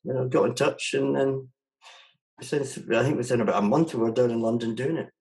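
A man's voice: medium pitch, steady tone, brisk, vocal fry, darkish tone, poor audio. A man being interviewed as a musician guest, talking casually and rambling with many restarts.

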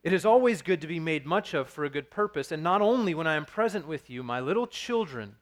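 A man's voice: a little high, expressive, brisk. A man in his thirties preaching a sermon as pastor, earnest and storytelling, with frequent restarts.

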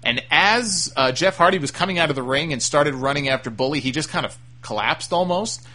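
A man's voice: fairly high pitch, animated, brisk, pushed and bright. A man hosting a solo podcast, recapping and reading listener mail in a frank, opinionated way with casual swearing. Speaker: wrestling podcast host.

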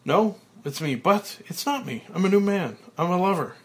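A man voicing a panicked, manic middle-aged TV executive who shouts in a shrill voice. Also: lively intonation, moderate pace. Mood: elated.

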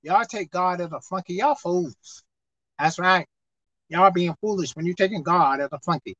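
High-voiced man preaching a fiery sermon. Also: no echo. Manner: emphatic, repeats lines, reads scripture slowly, bursts into shouting. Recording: dull lo-fi dry recording.

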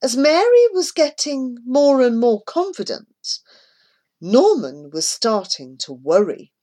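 A woman reading a children's story aloud in a measured, expressive way. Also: on the high side. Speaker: narrator.

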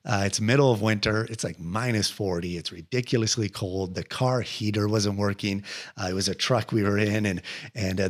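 A young man hosting a podcast, telling a personal story casually, with laughs and lively retold quotes. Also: lowish voice. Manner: animated retelling with laughs and acted-out quotes. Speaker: podcast host.

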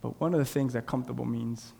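A man preaching a sermon in a church, swinging between shouted, drawn-out lines and quiet, confiding asides. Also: mid-range voice, fairly even intonation, vocal fry, breathy edge. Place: church sanctuary. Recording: long reverb in a large hall.

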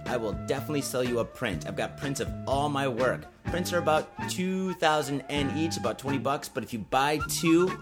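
A man hosting a casual drinking podcast, talking loudly with lots of swearing and laughter. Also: medium pitch. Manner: loud, profane, laughing. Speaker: podcast host. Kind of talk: casual drinking-show chat.

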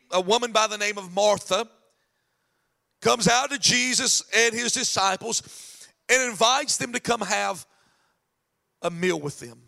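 A man delivers a lively sermon in a high, strongly gravelly voice with a bright, tense edge. He preaches with animation and slips into acted voices for the figures in the story. Faint music plays beneath him. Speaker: pastor.

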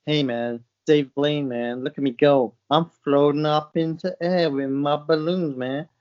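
A man's voice: on the high side, steady tone, natural voice. A man doing a drawling cocky street magician. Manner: slow, lazy drawl with "man" tags. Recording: dull lo-fi remote call line.

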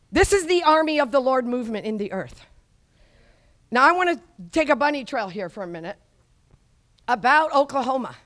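A middle-aged woman preaches with a high, ringing voice, urging her listeners to repeat her words. She swings from quiet asides to fervent shouting. The sound is close and dry. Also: no room sound. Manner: exhorting, call-and-response with the audience, rising to shouts. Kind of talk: charismatic sermon.

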